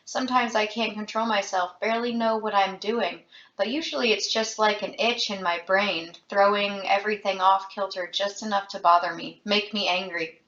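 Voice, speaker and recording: A woman reading as a young man slipping into madness, loud, bitter and raging, his voice bright and forceful. The reading sounds roomy and slightly dull, like a lo-fi home recording. It is a storybook reading. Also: mid-range voice, steady tone, normal speed, close to an everyday voice. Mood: weary. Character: young man, feverish friend turning violent.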